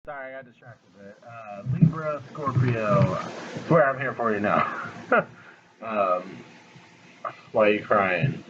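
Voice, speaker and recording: A man's voice: on the low side, slow pace, long pauses, dull audio, heavy background noise. A man giving a casual tarot reading straight to the viewer, blunt and frank, swearing now and then. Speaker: tarot reader. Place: home, dog nearby.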